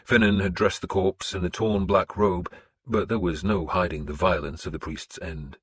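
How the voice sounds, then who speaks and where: A man narrating an audiobook in the first person with a steady, measured delivery. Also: low voice, breathy edge, no room sound, studio quality.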